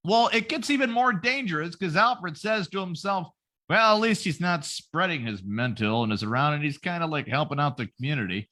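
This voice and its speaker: A man's voice: on the high side, animated, brisk, bright, forceful tone. A man on a podcast, retelling a story as a profane comedy bit with silly voices for each character. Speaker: podcast host. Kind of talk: casual comedic podcast chat.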